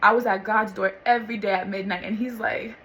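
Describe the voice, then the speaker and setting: A woman telling her personal faith testimony in a casual, animated way, calling listeners honey and y'all and acting out what others said. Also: medium pitch, fairly quick, a little hiss or hum, low-quality recording. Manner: animated, acts out voices of others and God. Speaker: vlogger sharing faith testimony.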